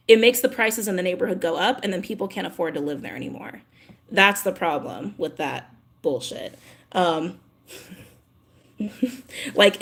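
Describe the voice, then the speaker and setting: Chatty Californian woman on a rant. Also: medium pitch. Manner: chatty, heated ranting, swears and laughs often. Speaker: tarot channel host. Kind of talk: casual live-stream chat with viewers.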